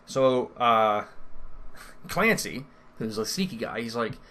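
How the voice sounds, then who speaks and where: A man's voice: medium pitch, animated, measured pace, sharp tone. A man casually recounting a tabletop game session, rambling and interrupting himself with lots of fillers. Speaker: first-time game master recapping a campaign. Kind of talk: casual storytelling recap.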